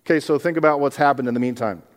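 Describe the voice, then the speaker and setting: A man, a pastor, preaching a sermon, animated and acting out scenes from the Bible in other people's voices. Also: mid-range voice, very fast, big-room sound.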